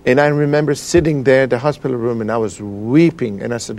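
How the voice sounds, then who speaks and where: A man tells a personal story in an interview, pausing often and searching for his words. His voice sits at a middle pitch, and his delivery is earnest and full of feeling. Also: steady tone, darkish tone. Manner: halting, emotional storytelling with many fillers. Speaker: guest. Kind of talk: personal testimony.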